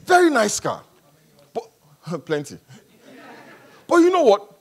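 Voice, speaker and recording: Speaking slowly in a high-pitched, slightly rough voice, a man preaches at a church service. His sermon is lively and funny, shifting from soft asides to loud passages.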